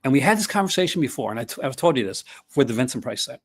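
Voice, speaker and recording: A man's voice: mid-range voice, big pitch swings, rapid-fire. A man in his fifties hosting a casual chat, rambling with many fillers and restarts. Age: 50s. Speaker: podcast host.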